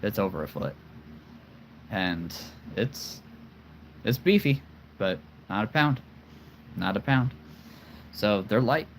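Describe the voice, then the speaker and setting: A man's voice: lowish voice, lively intonation, slow, long pauses, slight background noise, rough recording. A man hosting a casual livestream, enthusiastically showing his collection, repeating phrases and chuckling often. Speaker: host showing his toy figure collection.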